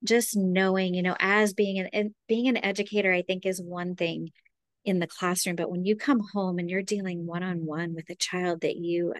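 Middle-aged woman, conversational storyteller, slightly low voice, dry close sound, animated when quoting people. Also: normal speed, no room sound. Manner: animated, acts out quoted voices. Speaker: educator guest.

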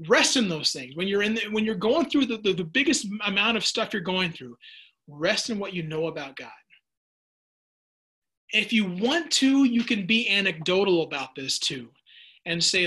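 A middle-aged male preacher delivers a fervent radio sermon, often tripping over and repeating his words. His voice sits high for a man, with a bright, husky edge. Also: normal speed. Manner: passionate, repeats words when excited. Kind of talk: sermon with listener texts.

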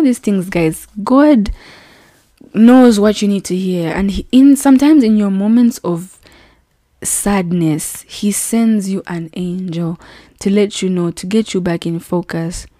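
A woman in her twenties hosting her own podcast, telling a personal story in a casual, animated way and acting out the voices of people she quotes. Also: medium pitch, no echo, studio quality. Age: 20s. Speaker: podcast host.

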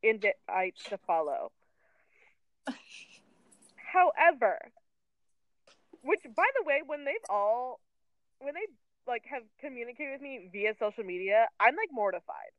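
A woman's voice: a little high, expressive, unhurried, long pauses, dry recording. A young woman in her twenties co-hosting a casual chat podcast, gushing and giggly, with lots of "like". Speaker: podcast co-host. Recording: tinny phone-like line.

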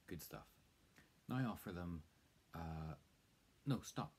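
A man's voice: low voice, expressive, takes it slowly, a little mellow, slightly rough. A man giving a casual, chatty spoken language lesson, coaching the listener along. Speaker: language teacher. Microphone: close mic to camera.

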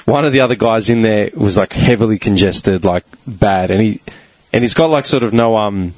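A man with a slightly congested nose, telling animated stories in casual chat, swearing and laughing often. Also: on the low side, moderate pace, no room sound, poor audio.

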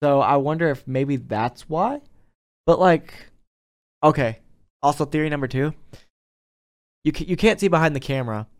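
A young man in a college dorm room, hosting a casual podcast and chatting in a relaxed, rambling way. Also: on the high side, normal speed, pauses often, clean tone. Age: young adult. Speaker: podcast host. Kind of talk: casual chat.

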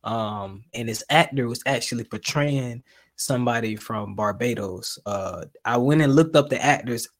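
Southern guy just chatting easy, lots of filler, middle pitch. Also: normal speed. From American South. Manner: animated storyteller with frequent fillers. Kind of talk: casual chat.

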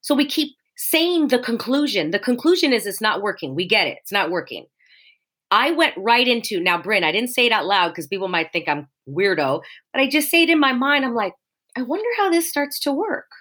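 Bright, lively-voiced woman telling stories. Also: mid-range voice, a little fast. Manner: animated storyteller, acts out quoted voices. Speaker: spin class instructor. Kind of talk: casual podcast chat.

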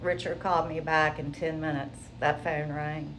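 A woman sharing her personal testimony in an interview, telling it in a lively, conversational way. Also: low voice, normal speed, a little hiss or hum, rough recording. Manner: animated, conversational storytelling.

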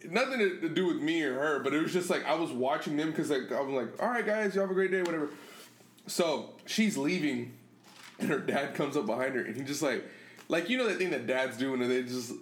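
A man's voice: medium pitch, brisk. A man co-hosting a podcast, telling stories in rambling casual chat full of fillers and laughter. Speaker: podcast co-host. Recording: echoey room with faint noise.

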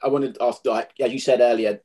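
Husky-voiced male host, casual interviewer, quick friendly questions. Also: medium pitch, steady tone, dark tone. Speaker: podcast host.

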